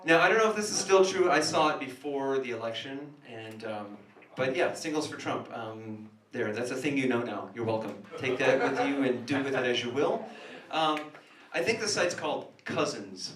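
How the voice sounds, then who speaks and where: A man's voice: medium pitch, animated, moderate pace, hardly any pauses, background noise. A man doing stand-up comedy in a small café, rambling and sardonic, recorded from a distance in an echoey room. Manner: rambling, self-interrupting, sardonic.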